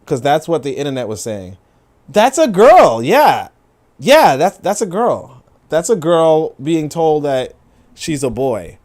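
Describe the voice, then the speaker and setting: A man's voice: on the high side, sing-song, slow, a little mellow. A man hosting a livestream, reacting to viewer comments and clips in a rambling, profane, casual way. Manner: rambling, profane, laughing asides. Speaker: livestream host.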